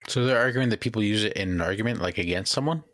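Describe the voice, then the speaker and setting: A man with a fairly low voice, chatting in an easygoing, self-deprecating way as a podcast co-host. The recording is dry and close. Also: fast talker, fairly bright tone, no room sound. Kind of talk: casual chat.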